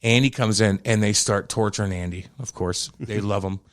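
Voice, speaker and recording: A man's voice: on the low side, moderate pace. A young man with a St. co-hosting a podcast, swearing freely and telling stories with lots of energy. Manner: profane, animated storytelling. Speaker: podcast co-host. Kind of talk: casual chat.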